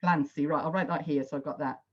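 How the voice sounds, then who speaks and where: On a video call, a woman runs an online workshop in a low-sitting, steady voice, talking fast. She's chatty and encouraging, hedging often with "sort of," and the audio is dull and lo-fi.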